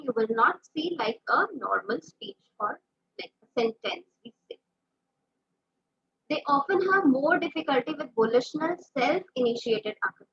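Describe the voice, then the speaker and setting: A woman's voice: high voice, husky, muffled recording. A woman speech therapist with an Indian English accent, explaining a speech disorder with examples and frequent fillers. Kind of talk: explanatory lesson.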